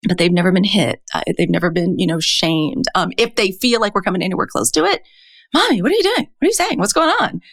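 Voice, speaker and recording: A woman from Mississippi co-hosting a podcast, talking candidly and with feeling, with lively asides. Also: lowish voice, creaky, no room sound, clean studio sound. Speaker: podcast co-host. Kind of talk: casual podcast chat.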